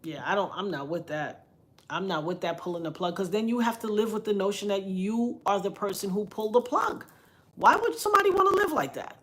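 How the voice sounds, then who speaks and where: A woman's voice: mid-range voice, brisk. Middle-aged woman, commentary vlogger, emphatic preaching tone, mid-range voice. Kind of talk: casual commentary vlog.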